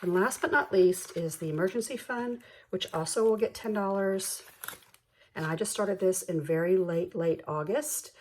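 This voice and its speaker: A woman hosting a budgeting vlog, slowly counting bills aloud in a soft ASMR style, bubbly and self-deprecating between counts. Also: medium pitch, slight background noise. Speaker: budgeting channel host.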